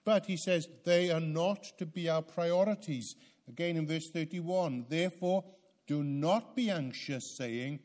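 A man preaching a sermon, teaching in an earnest, measured way with frequent pauses and hesitations. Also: on the high side, a little mellow.

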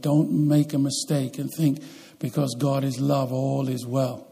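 A man preaching a sermon as pastor, swinging between loud, emphatic lines and quiet, slow ones. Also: medium pitch, level tone, creaky, husky.

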